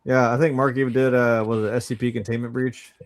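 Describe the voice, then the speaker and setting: A man's voice: medium pitch, flat delivery, quick pace. Jokey guy on a podcast, swears freely, casual banter. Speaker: podcast co-host. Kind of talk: casual chat.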